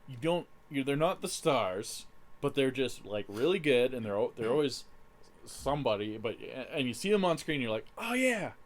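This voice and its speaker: A man's voice: medium pitch, animated, normal speed. A man from Canada co-hosting a podcast, chatting casually and walking through plot details. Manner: easygoing, explains plot points at length. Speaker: podcast co-host. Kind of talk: casual chat.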